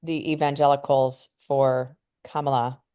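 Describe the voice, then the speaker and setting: Low-voiced chatty woman co-host. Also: level tone, measured pace, warm tone, smooth. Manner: chatty, goes on tangents; camera shy. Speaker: podcast co-host. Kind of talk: casual chat.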